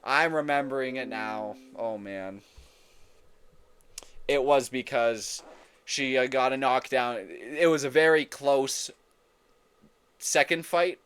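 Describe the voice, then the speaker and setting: A man hosting a casual fight breakdown, talking in an excitable, profane way and often repeating and correcting himself. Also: medium pitch, takes it slowly, long pauses, clean tone. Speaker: MMA fight predictions host.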